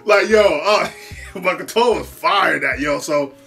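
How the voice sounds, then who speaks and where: A host giving casual reaction commentary in an animated way, laughing often, repeating words and using heavy slang. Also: mid-range voice, slow, gravelly, soft background music.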